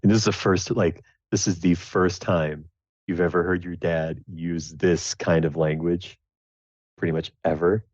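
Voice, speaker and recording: A man narrating as game master of a tabletop game, rambling and halting with many fillers. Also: deep voice, fairly even intonation, a little mellow, no echo, dull audio.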